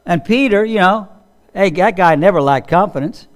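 A man's voice: sits high, lively intonation, normal speed. A man preaching a sermon as a pastor. He tells Bible stories in a conversational way, asks the listeners questions and acts out the voices he quotes.

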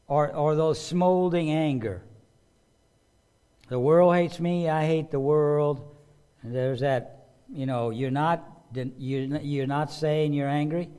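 A man's voice: fairly high pitch, darkish tone. A man preaching a sermon in a conversational way, often repeating words and asking his listeners questions. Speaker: pastor. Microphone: microphone with a loose connection.

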